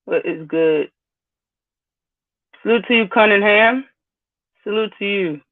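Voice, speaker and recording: In a mid-range voice, taking her time, a woman hosts a live stream and vents bluntly with plenty of profanity, stopping to greet people in the chat. The audio is lo-fi and sounds like it came through a phone.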